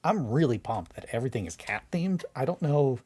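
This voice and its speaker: Rambling, excitable man chatting casually. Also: medium pitch, a little fast, husky. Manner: excitable, rambling, swears freely, restarts often. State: winding down from a bad mood. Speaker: hobby video host.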